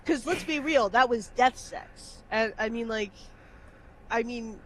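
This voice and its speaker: A man playing a tabletop game, joking and swearing in quick banter. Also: very high voice, heavy background noise. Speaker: player.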